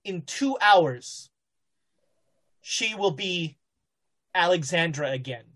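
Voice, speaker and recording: A cold, vengeful sorceress, put on by a woman running a tabletop game. The voice sits low and menacing, with each word dragged out slowly. She speaks with icy command. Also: lively intonation, fairly bright tone, heavily acted.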